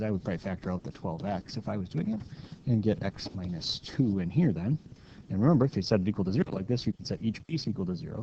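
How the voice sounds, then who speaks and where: A man's voice: on the low side, dark tone, highs cut off, slight background noise. A man teaching calculus in a casual, step-by-step lecture, stopping now and then to correct his own slips. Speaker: math teacher.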